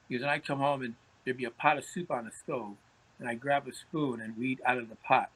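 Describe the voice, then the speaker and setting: A man's voice: medium pitch, brisk, fairly bright tone, breathy edge, poor audio. A man, a podcast guest telling anecdotes in conversation, often repeating words as he starts phrases. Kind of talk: storytelling in conversation.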